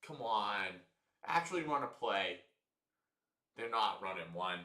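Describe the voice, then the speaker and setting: A young man giving casual live football commentary on a stream, frustrated and swearing, with sudden loud outbursts. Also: lowish voice, expressive, measured pace, reverberant, far from the mic. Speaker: livestream commentator.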